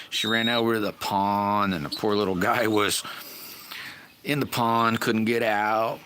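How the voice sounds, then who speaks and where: A man's voice: mid-range voice, fairly even intonation, moderate pace. A man hosting a livestream, chatting casually and folksily with viewers and greeting them by name. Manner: rambling and folksy, addresses chat by name. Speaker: livestream host. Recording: loud background noise.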